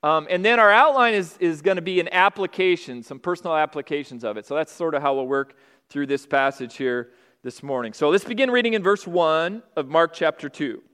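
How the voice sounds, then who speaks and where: A man preaching a sermon to his church in a conversational way, slowing down to stress key phrases. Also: fairly high pitch, animated, fairly bright tone, clear, resonant tone. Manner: conversational preaching, slows for emphasis. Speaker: pastor. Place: church sanctuary. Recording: long hall reverb.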